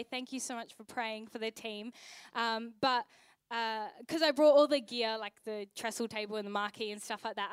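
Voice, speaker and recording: A woman's voice: fairly high pitch, fairly bright tone, clean tone, dry recording. A young adult woman pastor, preaching a sermon in a conversational, chatty way with asides.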